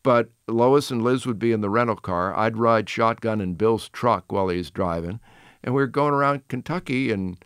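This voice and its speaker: A man in his sixties tells chatty anecdotes with quick asides and restarts. His voice sits on the low side and sounds smooth and resonant. The recording is close and dry. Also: a bit bright, no room sound. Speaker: guest, television host. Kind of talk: casual storytelling interview.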